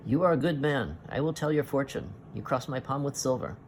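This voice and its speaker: A man's voice: mid-range voice, lively intonation, brisk, a little hiss or hum, voice pushed up, close to an everyday voice. A man reading aloud as an old woman fortune teller in a comic, coaxing and insistent. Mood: wheedling.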